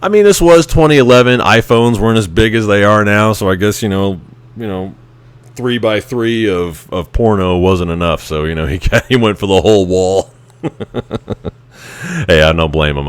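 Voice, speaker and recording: Deep-voiced man telling rambling stories. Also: normal speed, clean tone. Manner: rambling and chuckling, with frequent restarts. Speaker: Navy veteran telling stories. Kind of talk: casual anecdotal storytelling.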